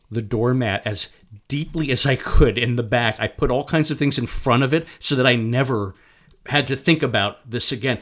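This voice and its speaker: Middle-aged male storyteller, mid-range voice, halting delivery with frequent restarts. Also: medium pitch, fairly bright tone. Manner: halting, repeats and restarts words. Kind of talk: personal storytelling.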